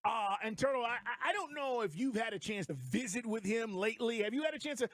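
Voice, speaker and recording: Male sports radio host, high voice, lively swinging pitch, emphatic storytelling, dry studio sound. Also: quick pace, no echo. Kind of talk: sports talk radio banter.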